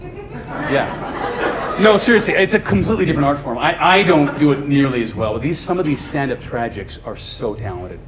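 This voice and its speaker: A man doing stand-up comedy for a live audience, chatty and animated, often laughing at his own jokes. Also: mid-range voice, normal speed, crowd noise. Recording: echoey room, audience laughter, noise.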